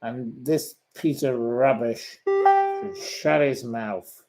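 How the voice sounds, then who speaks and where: A man's voice: mid-range voice, drawn-out words, over loud music, rough recording. A man answering viewer questions in a casual chat, blunt, defensive and indignant. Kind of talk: casual live-stream chat.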